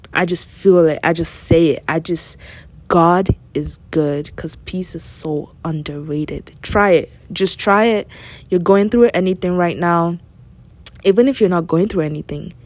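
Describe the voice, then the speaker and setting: A woman's voice: on the low side, darkish tone. A woman hosting a personal devotional talk, speaking earnestly and candidly and repeating phrases for emphasis. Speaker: faith podcast host.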